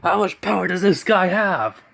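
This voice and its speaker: A man's voice: sits high, lively intonation, normal speed, creaky, fairly bright tone, a little hiss or hum, pitched above the performer's own voice, heavily acted. A young man voicing a serious male rival hedgehog, disbelieving and exasperated. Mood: astonished.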